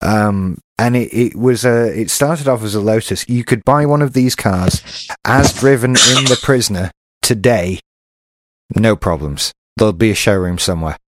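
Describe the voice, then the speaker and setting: A man's voice: lowish voice, normal speed. An English man co-hosting a podcast, chatting casually with wry, dry asides. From England. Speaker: podcast co-host. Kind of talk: casual chat.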